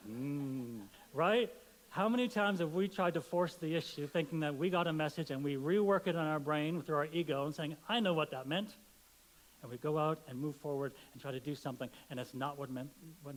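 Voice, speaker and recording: A middle-aged male pastor with a slightly high voice gives a relaxed, conversational sermon. He tells stories with humour and acts out their voices. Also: rough recording. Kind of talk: sermon with storytelling.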